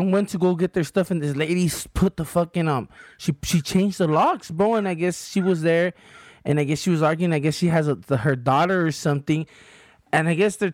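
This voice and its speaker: A man's voice: fairly high pitch, darkish tone, no echo, clean studio sound. A man from Southern California, co-hosting a podcast in casual chat and telling a story in slangy, profane talk full of fillers. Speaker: podcast co-host.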